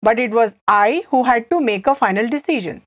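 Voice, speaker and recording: A woman from India with an Indian accent, co-hosting a scripted Hindi lesson and repeating phrases slowly and clearly. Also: on the high side, lively intonation, no echo. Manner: clear, slow, spells out phrases for repetition. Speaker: co-host teaching Hindi.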